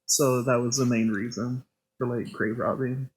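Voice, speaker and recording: Man haltingly reading podcast notes. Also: medium pitch, fairly even intonation, breathy edge. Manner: halting reading with many fillers. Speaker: podcast co-host.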